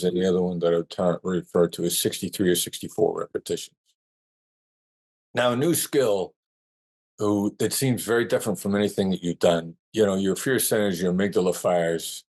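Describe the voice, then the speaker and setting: A man being interviewed as a negotiation expert, giving advice in a measured way and slowing down to stress key points. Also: deep voice, a little mellow.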